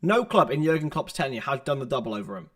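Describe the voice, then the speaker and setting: With big pitch swings and a fast delivery, this young man's fairly bright, mid-range voice drives his live football commentary. He hosts a watchalong stream, chatting to viewers through a laptop's built-in microphone.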